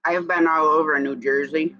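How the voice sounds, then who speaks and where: A man's voice: a little high, steady tone, moderate pace, pushed and bright, no echo, lo-fi sound. A man from New York with an upstate New York accent, hosting a casual morning live stream and chatting in a rambling way while greeting viewers.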